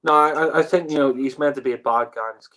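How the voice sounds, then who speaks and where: A man's voice: mid-range voice, fast, fairly bright tone. A man in casual podcast chat, laughing and swearing as he rambles with lots of fillers. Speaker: podcast co-host. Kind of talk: casual chat, reviewing a TV story.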